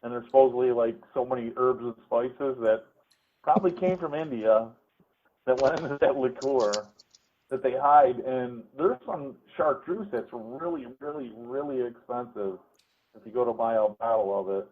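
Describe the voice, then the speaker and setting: A man's voice: mid-range voice, animated, moderate pace. Man on a tinny phone line. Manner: rambling, trivia-sharing. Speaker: guest. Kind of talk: casual chat.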